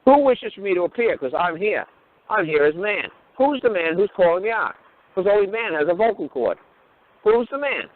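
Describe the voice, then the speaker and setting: A man with a somewhat high voice talks bluntly, swearing freely and firing off one rhetorical question after another. He is heard over a tinny, phone-like line, as a speaker on a call-in talk show. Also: very animated, normal speed. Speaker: talk show guest lecturer.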